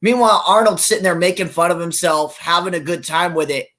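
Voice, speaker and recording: A man's voice: high voice, brisk, a bit bright. A male podcast co-host in casual sports chat, rambling with many restarts.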